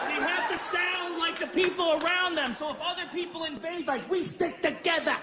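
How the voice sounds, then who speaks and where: A man from Boston doing stand-up, talking high and loud with a lot of swearing, and snapping into quick character voices. His voice carries through a long, reverberant hall with steady noise behind it. It sounds like a live set picked up from the stage. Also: over a noisy crowd. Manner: loud, profane, acts out characters mid-bit. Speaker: stand-up comedian. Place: comedy venue on stage. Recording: live comedy club recording with reverb, audience noise.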